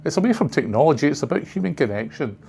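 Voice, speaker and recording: A man's voice: fairly high pitch, very animated, quick pace, vocal fry, darkish tone, slight background noise. Chatty older man presenting to trainees. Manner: rambling, chatty, full of asides. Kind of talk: casual presentation to a class. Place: training room.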